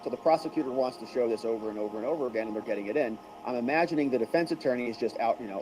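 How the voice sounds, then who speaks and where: A man's voice: on the low side, fast, warm tone, a little hiss or hum, low-quality recording. A man giving casual commentary on trial testimony, relaying courtroom exchanges in a conversational way and adding his own opinions.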